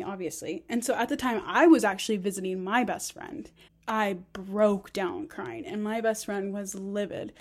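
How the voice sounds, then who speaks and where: A young woman speaks openly about her own past, in a casual storytelling monologue. Her voice sits at an ordinary pitch for a woman. She talks loosely and candidly, with lots of fillers along the way. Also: darkish tone. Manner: candid and conversational, uses many fillers. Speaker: podcast host.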